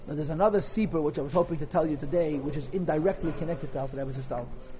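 A man's voice: a little high, racing, dark tone, slight background noise. A man telling a Hasidic story in a class, mixing in Yiddish and Hebrew words.

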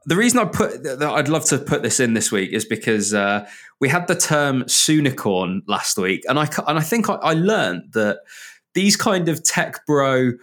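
A man hosting a podcast and introducing each story in an easygoing manner. His voice is mid-pitched, and he often hesitates and starts his sentences over. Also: sing-song, normal speed, a bit bright. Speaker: podcast host. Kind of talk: casual chat.

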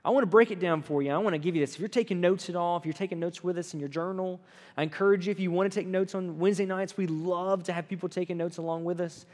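A man preaching a conversational sermon to a group, lively and often checking in with his listeners. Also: high-pitched, quick pace. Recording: long hall reverb.

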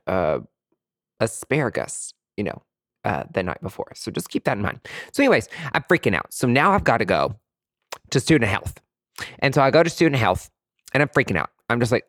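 A man tells a personal story with flamboyant, animated energy. His low voice swings wildly in pitch, leaping up high for quoted lines. The sound is dry and close. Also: no echo. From East Tennessee, USA.

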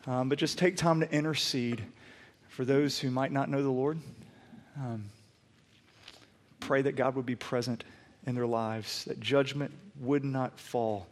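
A man preaching a sermon in a church, shifting between loud pleading emphasis and relaxed storytelling. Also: mid-range voice, measured pace. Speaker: pastor. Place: church sanctuary.

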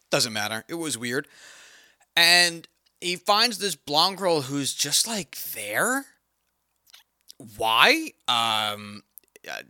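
A man giving a casual, exasperated movie review, swearing often and filling pauses with ums and uhs. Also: fairly high pitch, pushed and bright, no room sound, studio quality. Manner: exasperated, profane ranting with many fillers. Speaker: film reviewer.

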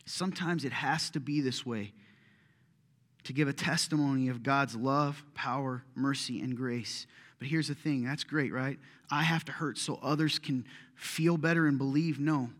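Speaking at a moderate pace, a middle-aged man gives a sermon as pastor in a mid-range, steady, fairly bright voice. He sounds conversational and impassioned while performing prayers and complaints out loud.

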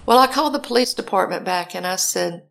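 An older woman tells a story, her voice carrying a gravelly edge. She talks animatedly and acts out her own frantic calls for help. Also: medium pitch, expressive, fast, fairly bright tone. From Alabama, US. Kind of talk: personal storytelling.

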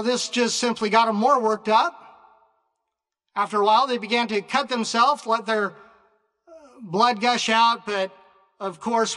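A man delivers a sermon at a very unhurried pace, pausing often and restarting phrases. His voice sits unusually high and sounds bright. The sound rings with the long reverb of a large hall. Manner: slow, deliberate preaching with frequent pauses and restarts. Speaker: preacher.

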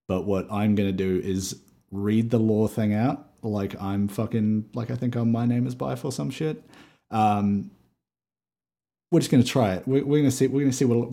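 Deep warm guy cohosting a podcast on a video call, swears a lot, laughs a lot. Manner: swears freely, laughs often. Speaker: podcast co-host. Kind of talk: casual chat over a video call.

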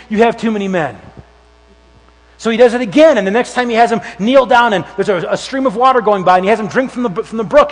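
A high-pitched male preacher gives a lively sermon, telling the story with plenty of acted-out voices and sudden bursts of volume. His voice rings through a large hall with a long, lingering reverb. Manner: animated storytelling, acts out voices with shouts and whispers. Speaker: youth pastor.

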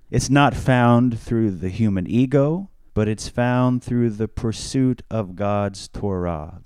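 A man, a priest, explaining scripture on a podcast in a measured, teacherly way, stressing key words. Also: lowish voice, a little mellow, clean tone, dry recording, studio quality.

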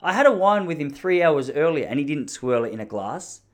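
Animated Australian man telling funny stories. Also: fairly high pitch, brisk. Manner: animated, ranting, self-mocking. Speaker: podcast host. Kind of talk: comedic storytelling monologue.

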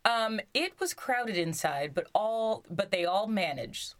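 A woman reading a children's folktale aloud with a lively, swooping voice. She tosses in joking asides between lines. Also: medium pitch, unhurried. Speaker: storyteller.

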